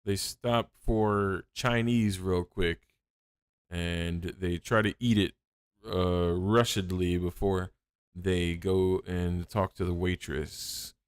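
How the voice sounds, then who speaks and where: A podcast host who suggests what happens next in a relaxed, halting way, full of ums. His voice is very deep, smooth and slow, and it is recorded dry and close. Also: no room sound. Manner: casual, halting, with fillers. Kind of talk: improvising story prompts.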